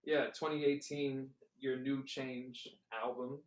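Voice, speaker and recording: A man's voice: medium pitch, flat delivery, slow. A man hosting a podcast interview, asking questions in a hesitant way with many fillers and restarts. His speech is plain and conversational, moving steadily toward each question. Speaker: podcast host. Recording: roomy echo.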